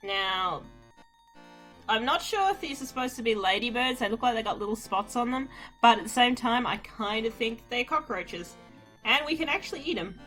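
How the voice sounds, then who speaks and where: Woman, game commentator, chatty and wry, rambling asides, slightly high voice. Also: animated, moderate pace, sharp tone, faint music behind. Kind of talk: casual let's-play commentary.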